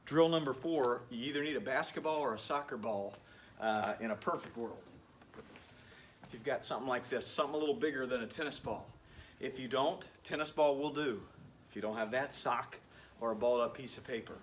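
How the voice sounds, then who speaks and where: A man's voice: medium pitch, brisk, distant mic, slight background noise. A man leading a workout as a PE coach, upbeat and encouraging, joking as he goes, sometimes a bit out of breath. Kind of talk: home workout instruction.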